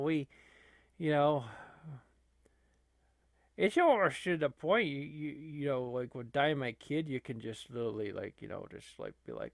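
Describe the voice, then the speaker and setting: A man's voice: medium pitch, unhurried, creaky, no echo. A man casually commentating a wrestling video game as a channel host, rambling with many fillers and laughing between remarks. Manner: rambling, laughing, filler-heavy, lots of restarts.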